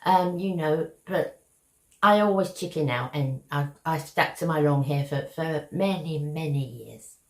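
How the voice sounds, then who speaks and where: This is an older woman with a London East End Cockney accent, speaking to camera in a casual, affectionate beauty vlog chat. She has a deep voice and an unhurried delivery, with reverberation in the recording.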